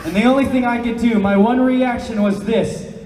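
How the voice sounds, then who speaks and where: A man telling a comic story to a live audience as a panel guest, animated and drawing out dramatic pauses. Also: very high voice, recorded from a distance. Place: large event hall with an audience. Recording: roomy hall echo, voice off-mic, faint noise.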